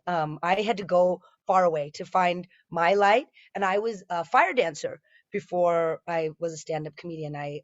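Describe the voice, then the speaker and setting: A woman's voice: lowish voice, no echo, lo-fi sound. A woman in her thirties telling stand-up stories in a chatty, self-deprecating way, with many fillers and restarts. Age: 30s. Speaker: stand-up comedian. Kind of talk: stand-up storytelling set.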